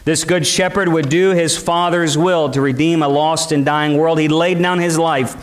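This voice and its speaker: High-voiced man preaching an impassioned sermon. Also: steady tone, moderate pace. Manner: impassioned, repetitive rhetorical questions.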